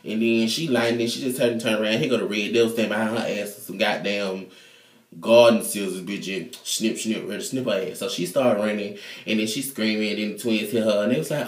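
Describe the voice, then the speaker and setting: A man casually recapping a TV episode in an animated, slangy, profane way. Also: on the low side, fast talker. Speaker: TV show reviewer. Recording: echoey room.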